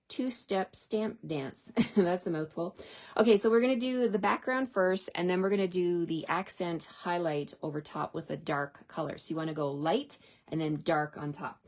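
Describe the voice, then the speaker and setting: A woman's voice: fairly low pitch, slight background noise. Chatty woman demoing card stamping. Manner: chatty, upbeat, talks through each step with fillers. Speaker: stamping and card-making demonstrator. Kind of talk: casual craft tutorial.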